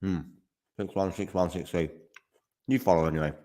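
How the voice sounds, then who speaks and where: In a deep voice at a moderate pace, a man hosts a live tennis watchalong, casually musing with hums and fillers as he snacks on chocolate. A little hiss or hum sits in the audio.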